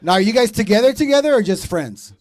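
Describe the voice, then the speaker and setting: A man in his thirties hosting a comedy show, doing loud, profane, teasing crowd work from a club stage. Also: high-pitched, expressive, quick pace.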